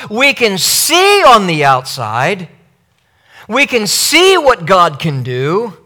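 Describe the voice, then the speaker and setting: A man's voice: high-pitched, pushed and bright. A man preaching a sermon, emphatic and repeating key phrases as he addresses his listeners directly.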